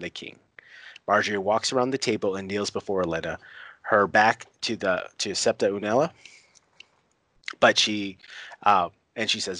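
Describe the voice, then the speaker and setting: Lower-voiced man recapping an episode. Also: fairly bright tone, no echo. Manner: reads scenes aloud, with laughs and fillers. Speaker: podcast co-host.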